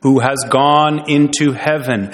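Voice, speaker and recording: A man's voice: mid-range voice, steady tone, slow. A man preaching a sermon as pastor, earnest, with many rhetorical questions. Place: church sanctuary. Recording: long reverb in a church hall.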